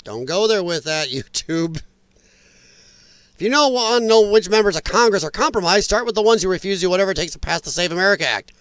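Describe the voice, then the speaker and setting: Animated, high-voiced man ranting. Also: fast talker, clean tone, dry recording. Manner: opinionated, ranting, reacts to viewer chat. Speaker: host. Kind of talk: political commentary livestream.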